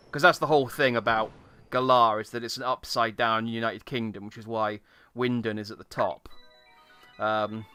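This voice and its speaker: A man's voice: medium pitch, bright, forceful tone. A man giving casual, jokey let's-play commentary, rambling with many fillers. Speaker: game streamer.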